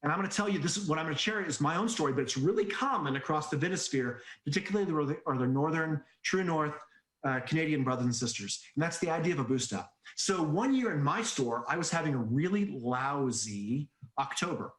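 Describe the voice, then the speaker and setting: Sales trainer guy telling stories, animated, echoey room. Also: a little high, brisk. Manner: animated storyteller, jokes and acts out quoted voices. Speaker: automotive sales trainer presenting a webinar. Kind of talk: energetic sales presentation with anecdotes.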